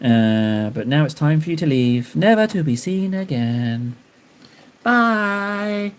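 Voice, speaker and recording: A young man streams himself painting miniatures, chatting playfully with viewers and teasing them in mock-dramatic bursts. His mid-range voice is warm and expressive, at a measured pace.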